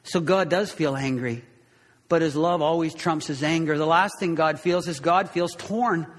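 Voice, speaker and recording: A man preaching a sermon as a pastor, impassioned, swinging between loud bursts and hushed, quiet lows. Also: moderate pace, in a large hall.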